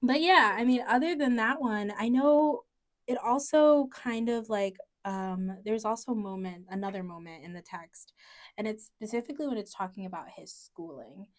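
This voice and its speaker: A woman's voice: on the high side, normal speed. A woman co-hosting a student podcast, talking through ideas in a casual academic discussion, hesitant and full of fillers.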